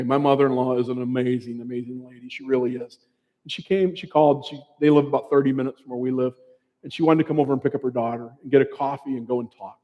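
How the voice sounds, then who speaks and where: A man's voice: mid-range voice, lo-fi sound. A man in his fifties, a bereaved father, telling his story in an earnest, conversational way as a personal testimony speech. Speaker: bereaved father giving a talk. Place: large presentation hall. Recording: long hall reverb.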